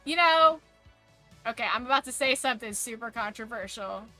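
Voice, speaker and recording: A woman's voice: a little high, expressive, brisk, pushed and bright, no room sound, faint music behind. A woman streamer chatting casually while gaming, opinionated and ranting, swearing freely.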